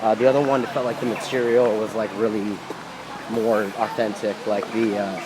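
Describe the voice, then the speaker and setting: A man's voice: on the low side, level tone, normal speed, background noise. A man on a trip chatting casually outdoors, hesitant and full of fillers. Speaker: travel companion. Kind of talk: casual chat. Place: outdoors at a castle.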